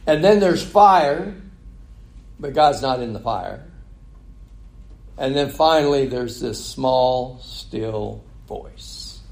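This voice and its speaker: A man's voice: medium pitch, vocal fry, a little mellow. A man preaching a conversational sermon, asking the congregation rhetorical questions.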